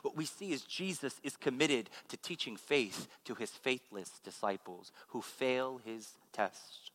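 A man, a pastor, giving a sermon with animated, humorous storytelling. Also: medium pitch, measured pace. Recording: long hall reverb.

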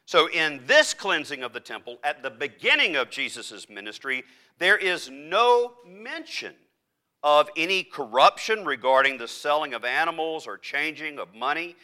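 Bright-voiced emphatic male preacher. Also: on the high side, very animated. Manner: emphatic preaching with dramatic pauses and restarts. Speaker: pastor. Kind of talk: sermon. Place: church.

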